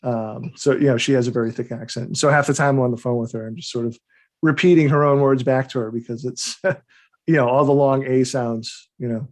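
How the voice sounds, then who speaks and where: A man's voice: medium pitch, fairly even intonation, fairly quick. A man, a guest author, talking casually on a video call, rambling with restarts and small laughs. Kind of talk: casual interview chat.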